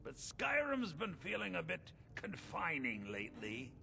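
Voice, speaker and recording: An actor playing a boastful, crafty male pirate captain in a video game, in a rough pirate brogue that slips at times. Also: a little high, huge pitch swings, measured pace, heavily acted. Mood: sly. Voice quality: gravelly. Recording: game audio under background music.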